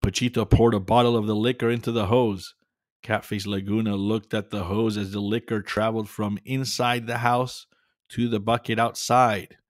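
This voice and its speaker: A man narrating a children's adventure story in a calm, measured way. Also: fairly low pitch, dry recording, studio quality. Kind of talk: scripted narration.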